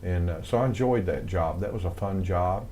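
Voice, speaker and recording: Deep-voiced older Southern man, rambling. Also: normal speed, warm tone, a little hiss or hum. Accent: light Southern American. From American South. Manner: rambling, many fillers and restarts. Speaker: guest, songwriter and composer. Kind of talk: casual interview storytelling.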